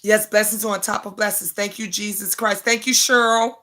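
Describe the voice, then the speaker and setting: A woman's voice: mid-range voice, fairly even intonation, normal speed, bright, forceful tone. An older woman hosting a livestream, talking bluntly, repeating words for emphasis and reading out viewer comments. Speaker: livestream host. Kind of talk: casual livestream talk.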